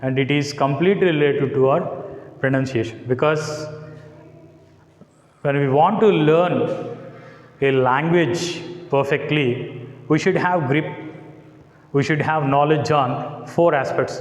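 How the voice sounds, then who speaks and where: Slow-talking teacher with an Indian English accent. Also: male voice, fairly high pitch, reverberant, in a large hall, poor audio. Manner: slow and deliberate, spells out letters, checks with "got it?". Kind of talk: classroom lecture.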